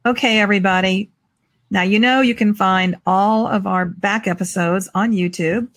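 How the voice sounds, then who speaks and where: A woman's voice: medium pitch, steady tone, normal speed, a bit bright, dry recording. A woman hosting a live talk show, upbeat and keeping things moving. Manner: upbeat, moves things along. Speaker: host.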